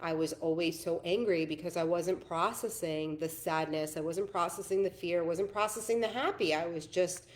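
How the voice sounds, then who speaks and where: A woman's voice: on the low side, moderate pace, hardly any pauses. A woman in her thirties hosting a casual coaching call, earnest and emphatic, laughing often. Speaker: host, spiritual coach.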